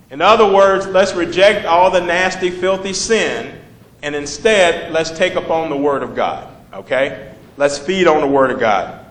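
A man's voice: a little high, unhurried, a bit bright. Man preaching a casual sermon, echoey room. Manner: conversational, asks the congregation questions.

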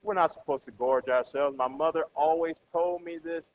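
A man with a voice on the high side preaches a conversational sermon to a congregation at normal speed and with few pauses, often checking in with "right?" He acts out everyday characters by changing his voice, and the recording has dull, lo-fi sound.

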